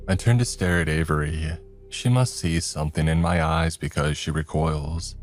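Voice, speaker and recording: A man reading a first-person horror story in a tense, measured way. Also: very deep voice, fairly even intonation, soft background music. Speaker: narrator.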